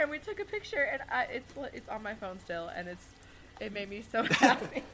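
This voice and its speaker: A woman chatting casually on a podcast, excitable and gushing. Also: a little high, a little fast, slight background noise, low-quality recording. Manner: excitable, gushing fan talk. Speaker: podcast co-host. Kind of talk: casual chat.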